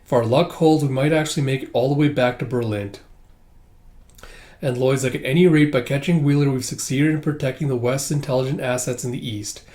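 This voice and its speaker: A man casually reading through a manga chapter, narrating and acting out lines, laughing often and breaking into high squealing voices for characters. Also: darkish tone. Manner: reads dialogue aloud, jumps into high squealing voices for characters; chatty, laughs often, fills with "it's like". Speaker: manga reader and commentator.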